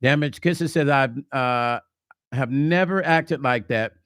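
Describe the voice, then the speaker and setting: A man hosting a casual livestream vlog, reading viewer comments and talking relationships in a chatty, animated way. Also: mid-range voice, slow pace, smooth, no echo, studio quality. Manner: chatty, animated, slips into mock quotes. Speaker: vlog host.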